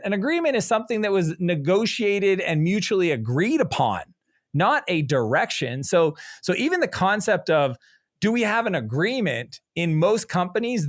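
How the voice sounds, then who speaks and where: A middle-aged man speaking as a business coach in a conversational interview, an energetic storyteller who jumps into animated quoting of others. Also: a little high, dry recording, studio quality.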